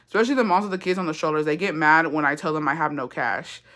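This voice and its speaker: A woman's voice: deep voice, fast talker, fairly bright tone. A young woman from Texas telling a story on her livestream, blunt and heavy with swearing, dropping Spanish phrases in. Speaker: livestream host. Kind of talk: casual livestream chat, storytime. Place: indoors, livestream.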